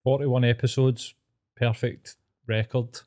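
A man's voice: medium pitch, little pitch movement, slow, darkish tone. A man with a Scottish accent co-hosting a podcast, trading jokey, sweary banter. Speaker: podcast co-host. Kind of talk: casual podcast chat. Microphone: podcast mic.

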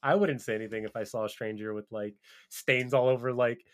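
A man's voice: medium pitch, steady tone, fairly quick. A man co-hosting a podcast, rambling in loose chat full of "like" and restarts. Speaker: podcast co-host. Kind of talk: casual podcast banter.

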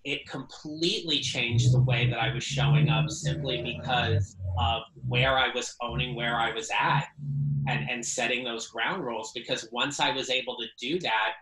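A man's voice: mid-range voice, steady tone, moderate pace, sharp tone, roomy sound, a little hiss or hum, poor audio. A man speaking as an interview guest, earnest and reflective, often repeating words as he thinks. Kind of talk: casual interview.

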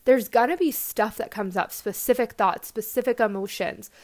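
A young woman with a slightly higher voice talks through a casual self-help monologue. She sounds reflective and gentle, drifting into relaxed "like" fillers as she thinks aloud. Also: normal speed. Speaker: podcast host and coach.

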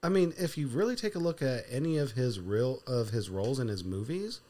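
A man's voice: mid-range voice, a little fast. A man hosting a podcast, steering segments in playful casual chat. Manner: runs the segments, lively and playful. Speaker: podcast host.

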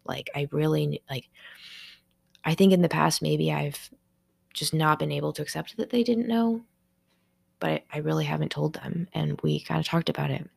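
A young woman talks alone on her podcast, her voice low-pitched and thick with vocal fry. She rambles and restarts, leaning on "like" as she works through something emotional. The sound is close and dry, with no room around it. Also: steady tone, moderate pace, darkish tone, no room sound. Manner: emotional and rambling, heavy with filler "like"; searching, restarting sentences while processing aloud. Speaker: podcast host. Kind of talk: personal podcast monologue.

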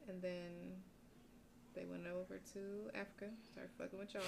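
A woman's voice: lowish voice, steady tone, measured pace, creaky. A woman from the United States talking casually in a laid-back, loose way. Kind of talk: casual chat. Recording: noisy room recording.

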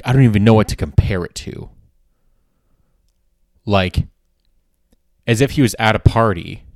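Low-voiced man telling a rambling story. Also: no echo, studio quality. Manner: rambling, self-correcting, swears for emphasis. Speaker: podcast host. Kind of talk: casual storytelling.

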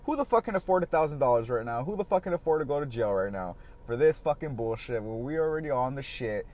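A man's voice: medium pitch, expressive, fast talker, darkish tone. A man talks through a loose solo podcast rant in a mid-range voice. He swears constantly, trails off and restarts, and keeps laughing at his own stories. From San Diego area. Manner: profane, rambling, laughs often. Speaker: podcast host.

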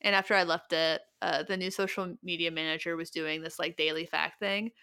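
A woman's voice: fairly low pitch, fairly even intonation, brisk, gravelly, pushed and bright, clear, resonant tone. A young woman co-hosting a casual podcast, playful and teasing. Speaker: podcast co-host.

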